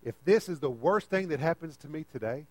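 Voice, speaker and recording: A man's voice: on the high side, expressive, a little fast, dry recording. A man preaching a conversational sermon and often checking in with the listeners.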